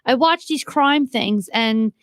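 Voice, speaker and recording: A high-voiced woman co-hosting a comedy podcast, talking in loose, rambling chat. She swears freely and tells crude stories. Her voice sounds close and dry, with no room around it. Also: takes it slowly, no room sound. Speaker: podcast co-host.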